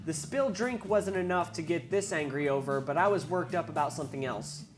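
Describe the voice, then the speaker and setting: A woman reading a visual novel aloud, wry, with asides and quick self-corrections. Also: low-pitched, music in the background. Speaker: game reader.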